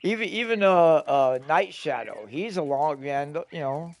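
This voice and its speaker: A middle-aged man with a fairly high voice that swings up and down a lot as he rambles through stories on a live stream. His talk is loose and profane, dotted with chuckles. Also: animated, a little slow. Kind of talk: casual storytelling on a live stream.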